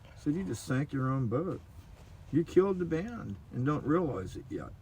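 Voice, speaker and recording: A man and guitar player giving advice in casual storytelling chat, rambling and animated, swinging between loud and soft. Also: on the high side, normal speed. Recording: very echoey room, distant mic, faint noise.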